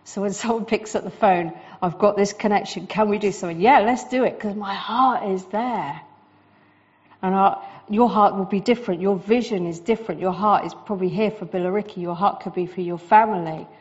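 A woman preaching a sermon in a lively, conversational way, with quick asides to the congregation. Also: medium pitch, lo-fi sound.

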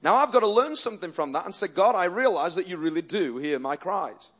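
A man's voice: high voice, expressive, fairly quick, a bit bright. A male pastor preaching a sermon earnestly and emphatically, often restarting his sentences.

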